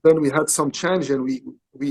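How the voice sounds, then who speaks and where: A man in his sixties from Belgium, speaking English with a French accent, animatedly telling a story in halting English and acting out what people said. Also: on the high side, darkish tone. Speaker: interview guest, actor. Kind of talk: storytelling interview.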